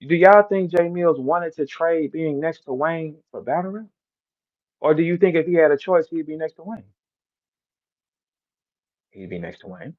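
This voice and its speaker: A man's voice: on the high side, animated, moderate pace, long pauses, phone-quality sound. A man from St. Louis with a St. Louis accent, boasting and trash-talking in a brash, repetitive live-stream rant. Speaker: battle rapper hosting a live audio room.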